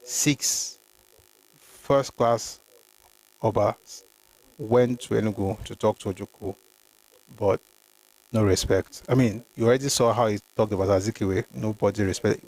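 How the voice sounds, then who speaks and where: A man's voice: fairly low pitch, fairly even intonation, normal speed, long pauses, darkish tone, no room sound. Man, history livestream host, reads aloud, emphatic remarks. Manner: reads documents aloud, then comments emphatically; addresses viewers by name, mixes Yoruba phrases.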